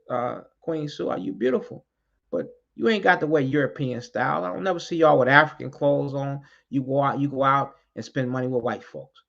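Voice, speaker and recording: A man speaks in a fiery, preaching manner, hammering his points by saying them twice and swearing without holding back. His voice sits at an ordinary middle pitch. The recording is dull and lo-fi. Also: pushed and bright. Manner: fiery, preaching, repeats key lines for emphasis; blunt, swears freely. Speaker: community activist addressing street groups. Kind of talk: impassioned spoken address.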